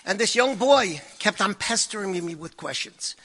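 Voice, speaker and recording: A man with a high, very bright voice tells stories to an audience in an animated way. He repeats phrases and sprinkles in Yiddish words. His voice carries a long hall reverb. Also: moderate pace, a little hiss or hum. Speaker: guest speaker telling stories. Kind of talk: storytelling talk to an audience.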